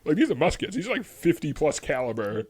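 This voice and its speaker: A man's voice: fairly high pitch, big pitch swings, fast talker, a little mellow, slightly rough. A man co-hosting a casual history podcast, telling the story in a loose, rambling way, full of "like" and frequent laughs. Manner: rambling, lots of "like", laughs often. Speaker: podcast co-host.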